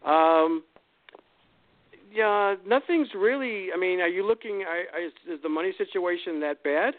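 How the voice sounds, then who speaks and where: A man's voice: high-pitched, unhurried, no room sound. Man explaining astrology over a tinny line. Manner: relaxed, explanatory, with fillers. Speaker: guest astrologer. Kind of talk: call-in radio astrology reading. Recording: dry, tinny phone line.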